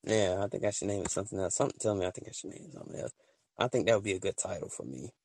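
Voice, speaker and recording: A man hosting a casual solo podcast, rambling and excitable, full of slang and often laughing at his own stories. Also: low-pitched, rapid-fire, gravelly, slight background noise. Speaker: podcast host.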